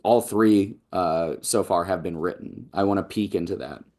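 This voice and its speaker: A man's voice: sits low, moderate pace, dark tone. A man on a casual comics chat, talking hesitantly with many fillers and restarts.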